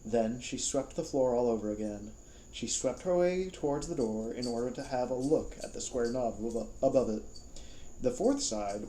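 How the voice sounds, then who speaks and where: A man reading a novel aloud as a storyteller, calm and even. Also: mid-range voice, moderate pace, echoey room, a little hiss or hum, rough recording. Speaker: storybook reader.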